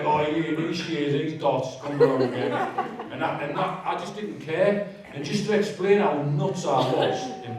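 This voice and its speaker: A man sharing his testimony in a church, with animated, self-mocking storytelling and asides to the audience. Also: fairly high pitch. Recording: echoey church hall, distant mic.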